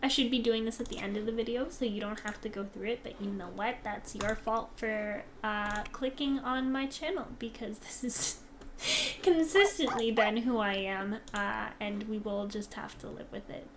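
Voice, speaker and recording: A young woman casually commenting on a game she plays, gushing and excitable, dropping now and then into soft whispers. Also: a little high, normal speed, background noise. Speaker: gaming channel host.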